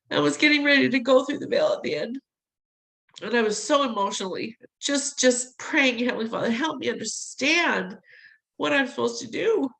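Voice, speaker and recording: A woman's voice: sits high, gravelly, fairly bright tone, low-quality recording. A middle-aged woman telling a personal story in an interview, acting out the voices she quotes and laughing between lines. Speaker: interview guest.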